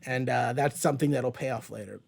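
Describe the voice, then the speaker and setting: At home with a dog nearby, a man hosts a laid-back comic book review show, commenting page by page in a rambling, chatty way with lots of fillers and the occasional swear word. His mid-range voice is gravelly and darkish, and he talks fairly quickly.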